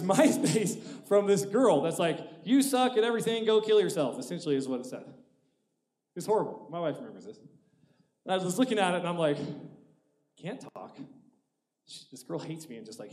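Animated forty-something male preacher, echoey hall. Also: a little high. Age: 40s. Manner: animated storytelling, swings between loud and hushed. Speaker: pastor. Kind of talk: sermon. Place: church auditorium.

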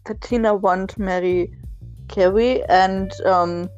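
A woman chatting casually about a TV series, emotional and halting, with many fillers. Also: mid-range voice, fairly even intonation, a little mellow, lo-fi sound, faint music behind.

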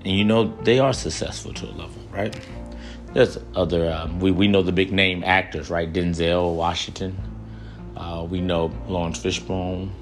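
A man's voice: deep voice, fairly even intonation, moderate pace, soft background music. A man giving an earnest motivational speech, repeating phrases to drive his points home. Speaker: motivational speaker.

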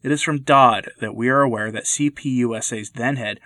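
A man's voice: mid-range voice, fairly quick, sharp tone, no room sound. Earnest man reading commentary, dry close mic. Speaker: podcast host. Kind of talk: scripted commentary read aloud.

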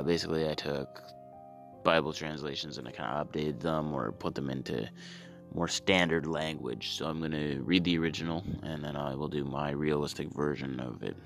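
A man performing a comedy bit, reading scripture and then his own updated versions, in a deadpan, low-key way with exasperated outbursts. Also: moderate pace, creaky, soft background music.

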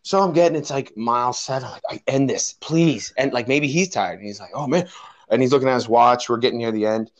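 A man's voice: mid-range voice, fast talker, hardly any pauses. A man, a personal trainer, telling a long story in casual chat and acting out the voices of the people in it.

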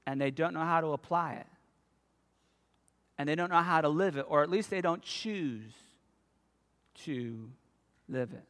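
A man in his fifties preaching a sermon as a pastor, telling stories with animated emphasis. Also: high voice. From United States. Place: church sanctuary. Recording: long reverb of a church hall.

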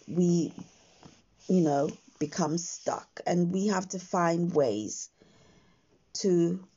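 Woman podcast host, croaky morning voice, low and mellow, dull phone recording. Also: expressive. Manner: slow, gentle, with frequent pauses. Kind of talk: slow reflective podcast monologue. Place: quiet house. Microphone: own phone.

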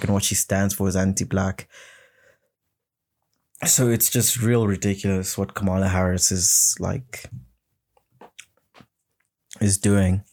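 A man's voice: deep voice, a little mellow. A man hosting his own podcast, ranting in a rambling, heated, unscripted way and swearing often. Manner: rambling, heated, swearing, mimics others in mocking voices. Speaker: podcast host. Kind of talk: solo casual rant.

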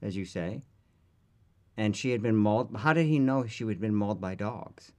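A man's voice: lowish voice, moderate pace, dark tone. A man co-hosting a casual chat podcast, sarcastic and ranting, with stammering restarts. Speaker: podcast co-host.

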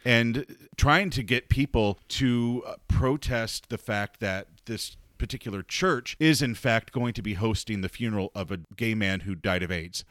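Male podcast co-host, low voice, chatty and blunt, dry close recording. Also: moderate pace, few pauses, a bit bright, no echo. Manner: chatty, blunt, swears freely. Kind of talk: casual book discussion.

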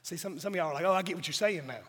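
A man from South Georgia with a Southern accent, preaching a sermon while hoarse from a cold, mixing wry jokes to the congregation into his points. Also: sits high, racing, a bit bright. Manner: wry, joking asides to the congregation. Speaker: pastor. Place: church sanctuary. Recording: church hall reverb.

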